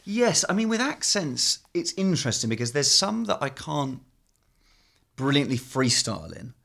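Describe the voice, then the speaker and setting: A man's voice: a little high, big pitch swings, moderate pace, gravelly, fairly bright tone. A man from Surrey, a guest impressionist, chatting casually with lots of laughter and rambling restarts. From Surrey, England. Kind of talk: casual chat.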